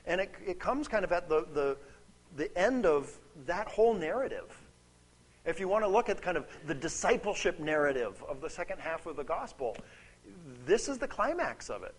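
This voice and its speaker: A man preaching a sermon, conversational and animated, often checking in with "right?" and reading scripture aloud. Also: a little high. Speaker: pastor.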